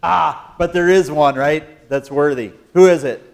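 A man preaching a sermon in church as pastor, joking with the congregation and breaking into sudden loud exclamations. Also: fairly high pitch, measured pace, creaky. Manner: animated, jokey preaching with sudden loud bursts.

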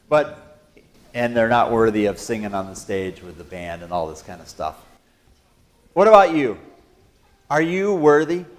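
A man preaching a sermon in church as pastor, joking with the congregation and breaking into sudden loud exclamations. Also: mid-range voice. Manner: animated, jokey preaching with sudden loud bursts.

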